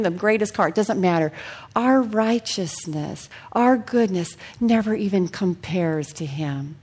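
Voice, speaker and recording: A woman preaching a sermon in a church hall, earnest and personal, sharing her testimony and sometimes dropping her voice to a hush. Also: medium pitch. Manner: earnest, personal testimony with soft hushed passages.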